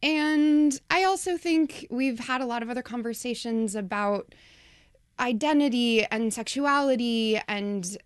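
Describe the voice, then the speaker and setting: A woman's voice: fairly high pitch, unhurried, clean tone, no echo, studio quality. A woman in her twenties from Ohio, a playwright answering interview questions thoughtfully, with many ums. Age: 20s.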